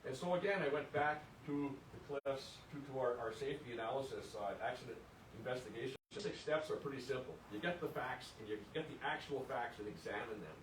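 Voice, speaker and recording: Older man lecturing in an echoey room. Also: a little fast. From Upper Peninsula of Michigan. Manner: earnest, indignant, reads quotes aloud, repeats words as he restarts. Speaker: presenter at an archives lecture. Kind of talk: public history lecture. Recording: echoey room, distant mic, faint rumble.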